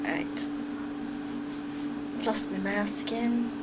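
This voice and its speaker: A woman's voice: mid-range voice, fairly even intonation, slow pace, heavy background noise. A woman live streaming in a casual, chatty way, reading out her chat and often breaking into giggles.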